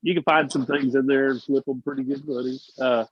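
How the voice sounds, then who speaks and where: A male host in relaxed conversation, agreeable and quick to laugh along with his guests. His pitch is ordinary for a man. The audio is a bit muffled and lo-fi. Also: husky, dry recording. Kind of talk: casual discussion. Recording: slightly dull lo-fi audio.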